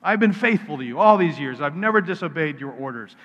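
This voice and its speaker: A resentful older son, put on by a male preacher, reels off his good deeds in an aggrieved, indignant tone. The voice sits a little high for a man and rings in a long hall reverb with a dull, muffled sound. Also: lively intonation, fairly quick, a bit bright.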